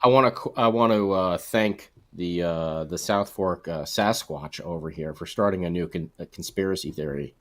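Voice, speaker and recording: A man's voice: low-pitched, normal speed, few pauses, a bit bright. A man co-hosting a casual hockey podcast, joking and teasing the others. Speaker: podcast co-host. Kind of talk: casual sports chat.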